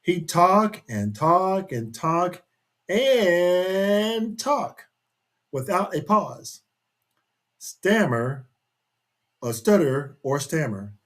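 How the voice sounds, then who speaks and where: A man's voice: high voice, big pitch swings, very slow, pauses often. A man reading a picture book aloud to children in a chatty way, stopping to ask his young listeners questions.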